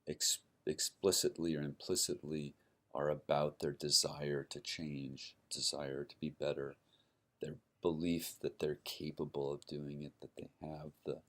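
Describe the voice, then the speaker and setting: A man giving a university lecture, explaining step by step and checking in with his listeners by asking "right?" as he goes. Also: a bass voice. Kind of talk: recorded classroom lecture.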